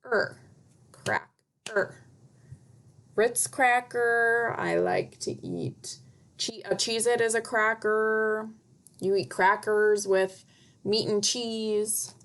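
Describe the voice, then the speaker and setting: A woman teacher giving a recorded spelling lesson to young children, repeating each word slowly and patiently. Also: mid-range voice, expressive, fairly bright tone. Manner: slow, patient, over-enunciated word drills.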